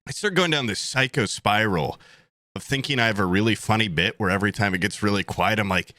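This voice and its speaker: A man's voice: on the low side, a little fast, pushed and bright, dry recording, studio quality. A young man co-hosting a podcast, telling a story in a casual, comedic way, acting out quotes and swearing freely. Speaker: podcast co-host.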